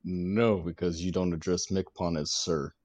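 A man's voice: sits low, steady tone, measured pace, background noise. A man guest on a casual chat show who speaks in a dry, matter-of-fact way. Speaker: guest, Navy veteran.

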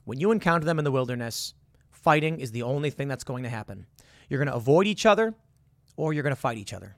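A man's voice: medium pitch, lively intonation, fast, no room sound, studio quality. A man talking the listener through a hypothetical scenario, earnest and full of rhetorical questions. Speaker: commentator. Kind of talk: casual monologue with hypotheticals.

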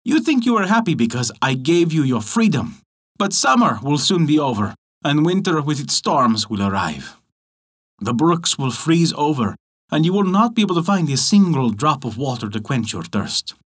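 A man's voice: a little high, very animated, normal speed, breathy edge, voice pushed up. A man playing a proud, grasping rich man in a folk tale, speaking in a coaxing, indignant way.

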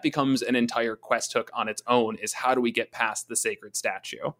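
A man co-hosting a casual tabletop gaming talk, chatty, often slipping into quick voices for monsters and players. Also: medium pitch, steady tone, a bit bright. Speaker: podcast co-host, game master.

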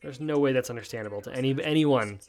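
A man's voice: mid-range voice, fast talker, darkish tone. Laid-back joking podcast guy. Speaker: podcast host. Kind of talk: casual solo podcast commentary.

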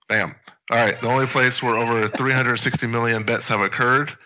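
Bright laid-back male podcast host. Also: mid-range voice, steady tone, brisk, rough recording. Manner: laid-back, joking, reads ads off-the-cuff. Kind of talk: casual podcast chat and read ads.

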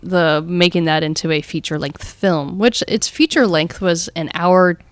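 A woman's voice: lowish voice, moderate pace, dry recording, studio quality. A woman co-hosting a podcast, chatting about a movie in a giggly, casual way. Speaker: podcast co-host. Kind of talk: casual chat, movie review.

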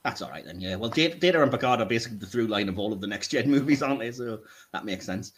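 A man's voice: lowish voice, expressive, racing, a bit bright, slight background noise. A man hosting a casual podcast chat, joking and laughing often as he teases his co-hosts. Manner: jokey, laughs often, teasing. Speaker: podcast host.

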